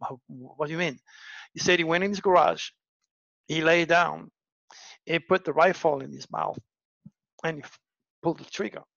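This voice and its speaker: Gravelly dramatic male storyteller, muffled sound. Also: on the high side, moderate pace, pauses often, a bit bright, no room sound. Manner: dramatic, repeats words for emphasis. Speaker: astrology show host. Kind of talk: personal storytelling monologue.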